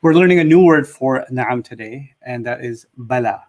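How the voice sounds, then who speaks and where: A man's voice: mid-range voice, normal speed, a little mellow, dull audio. Man teaching an online class. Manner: explains patiently and jokes with students. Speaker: Arabic teacher.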